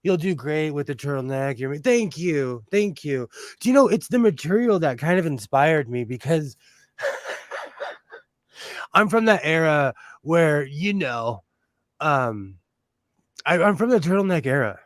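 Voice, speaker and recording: A man's voice: a little high, lively intonation, measured pace, pauses often, no echo, clean studio sound. A man hosting a sewing livestream, chatting casually, laughing often and greeting viewers by name.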